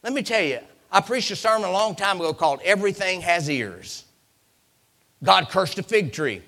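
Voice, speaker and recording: Animated gravelly preacher man. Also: high voice, moderate pace. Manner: dramatic preaching, repeats phrases, swings from loud to hushed. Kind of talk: sermon.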